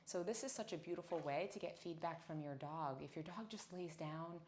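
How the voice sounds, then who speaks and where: A woman teaching a dog yoga class, speaking gently and encouragingly, with frequent praise for her dog. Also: low-pitched, a little fast, slight background noise. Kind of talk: instructional class talk. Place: indoors on a yoga mat.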